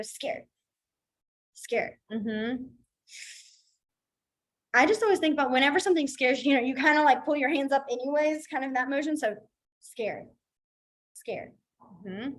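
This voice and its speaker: A young adult woman teaches a beginner sign language class online, chatting casually and packing her talk with fillers while acting out feelings in quoted asides. Her fairly high voice sounds pushed and bright, and the recording quality is low.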